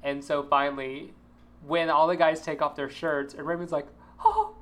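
A woman's voice: low-pitched, little pitch movement, moderate pace. A woman co-hosting a podcast, retelling TV scenes with laughter, ums and restarts. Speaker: podcast co-host. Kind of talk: casual chat recapping a TV episode.

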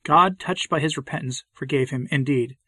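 A man delivers a solemn, impassioned sermon in a husky, slightly breathy voice. His pitch sits in an ordinary middle range. The recording is dry and close, with no room sound. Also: moderate pace, sharp tone, no room sound. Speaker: preacher. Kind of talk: sermon reading.

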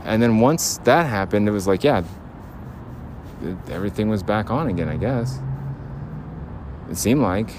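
A man's voice: on the low side, lively intonation, normal speed, pauses often. A man rambling through an audio diary while walking in a city park, often laughing. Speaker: podcast host. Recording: faint outdoor street noise.

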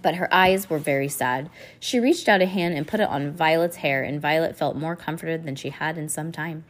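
A woman reading a storybook aloud as narrator, expressive and with varied pace. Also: sits low, moderate pace.

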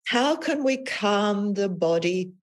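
A woman author as an interview guest, talking thoughtfully about her experiences in a measured, reflective way. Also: mid-range voice, expressive. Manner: thoughtful, measured, with frequent restarts. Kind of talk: reflective podcast conversation.

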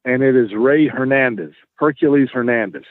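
A man, a guest telling an animated story and acting out the dialogue. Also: mid-range voice, moderate pace, no room sound. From Tennessee, US. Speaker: guest, wrestler. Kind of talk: casual storytelling. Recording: tinny phone-like line.

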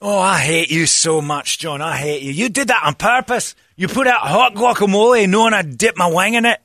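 A man voicing his melodramatic Scottish friend, who complains and wails loudly. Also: sits high, expressive, normal speed, no echo, studio quality, voice pushed up, exaggerated voice. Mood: indignant. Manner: wailing, complaining, shouting. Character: whiny Scottish male friend, melodramatic, always overheated.

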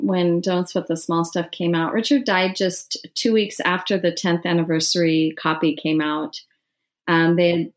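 A middle-aged woman author with a lowish voice tells her story in an interview, restarting often and laughing softly.

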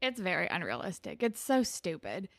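A woman's voice: fairly low pitch, sing-song, normal speed, no echo, clean studio sound. A young woman casually recapping a TV episode with a co-host, chatty and sarcastic, full of "like". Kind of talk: casual chat.

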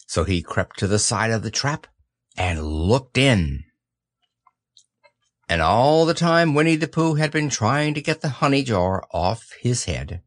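Slow, lively male storybook narrator. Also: medium pitch, no echo, clean studio sound. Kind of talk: children's audiobook narration.

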